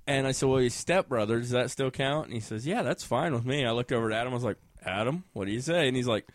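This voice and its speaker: A man's voice: mid-range voice, animated, a little fast, no room sound, studio quality. A man telling a casual story, often laughing and acting out what other people said.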